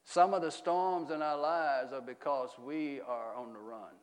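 A middle-aged man preaching a sermon as pastor, often asking the congregation questions and swinging between loud emphatic peaks and quiet low stretches. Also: a little slow. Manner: call-and-response preaching, asks the congregation questions.

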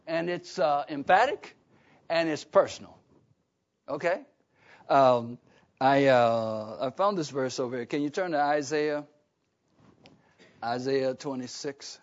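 A man preaches a sermon in a medium-pitched voice, speaking slowly with frequent pauses. He's emphatic yet conversational, often putting questions to the congregation, and the recording is dull and lo-fi.

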